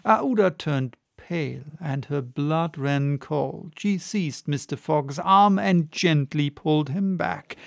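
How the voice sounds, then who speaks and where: A man narrating a classic novel as an audiobook in a steady, measured reading. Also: fairly high pitch, creaky, no room sound, studio quality. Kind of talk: scripted narration.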